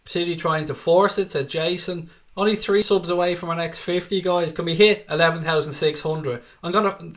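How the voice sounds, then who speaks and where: An Irish man with a Dublin accent runs a live football watchalong. His voice sits a little higher than most men's. He chats loosely, swears often and reads viewer messages between quick updates on the game. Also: fairly bright tone. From Ireland. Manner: chatty, swears freely, reads viewer comments aloud. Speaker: livestream host. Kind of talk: live match watchalong commentary and chat.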